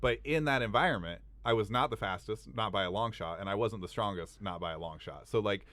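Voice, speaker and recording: Man, podcast host, low voice, chatty, dry close mic. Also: a little fast, fairly bright tone, no room sound. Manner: chatty, filler-heavy. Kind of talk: casual podcast conversation.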